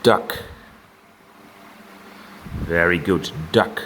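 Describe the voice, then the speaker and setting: Male teacher, lowish voice, very slow and lively, models each word twice for children. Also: a little hiss or hum. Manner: slow, drawn-out word modelling with repeated words. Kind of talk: children's vocabulary lesson.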